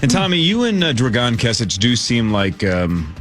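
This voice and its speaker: A man's voice: medium pitch, big pitch swings, normal speed, a bit bright, soft background music. A man hosting a sports radio show, steering the chat in an upbeat way.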